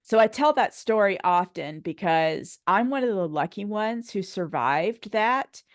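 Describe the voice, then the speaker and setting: A woman's voice: mid-range voice, unhurried, dry recording, clean studio sound. A woman in her forties, a podcast guest telling a personal story in a conversational way, acting out what others said and laughing often. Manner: animated storyteller, acts out quoted dialogue, laughs often.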